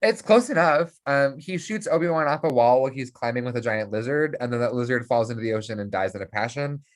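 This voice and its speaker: A podcast co-host recapping a film in casual chat, sitting at an ordinary middle pitch. The delivery is lively and playful. Snatches of dialogue get acted out in quick character voices.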